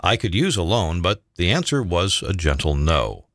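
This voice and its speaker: An older man reading his own memoir aloud in a measured, reflective way. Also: low-pitched, big pitch swings, fairly bright tone, no echo, studio quality.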